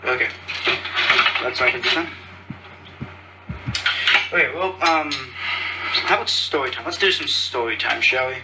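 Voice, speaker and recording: Speaking a little slowly and pausing often, a man with a mid-range voice hosts a podcast in a cheerful, chatty way, wandering off topic and losing track of his thoughts. It's a distant phone recording, very noisy from pots, dishes and cutlery clattering loudly.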